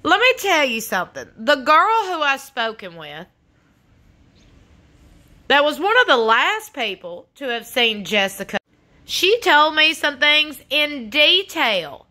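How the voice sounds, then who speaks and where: A woman's voice: high-pitched, sing-song, slow, bright, forceful tone. A woman hosting a true crime channel, giving earnest, pleading and indignant commentary. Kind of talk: impassioned commentary.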